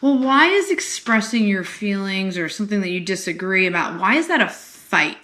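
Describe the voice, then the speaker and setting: A woman psychologist co-hosting a podcast, talking in an animated, emphatic way with frequent rhetorical questions. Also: medium pitch, normal speed. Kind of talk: casual conversational chat.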